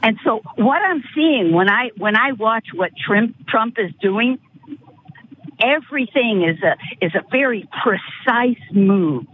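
An older man from north of Chicago calling in to a radio show, talking in halting, repeated starts. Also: high-pitched, expressive. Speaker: caller. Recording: tinny phone line with faint hiss.

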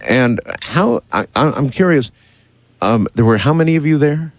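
A man's voice: mid-range voice, lively intonation, normal speed, no room sound. A man hosting a radio interview, asking wry, skeptical questions with many hesitations. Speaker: radio host.

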